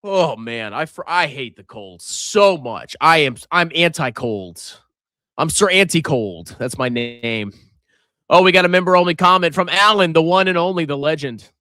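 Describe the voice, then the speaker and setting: A man's voice: a little high, animated, normal speed, bright, forceful tone, no echo, studio quality. A middle-aged man hosting a casual livestream, joking and sarcastic, with theatrical swings in his voice. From Virginia coast, USA. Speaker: livestream host.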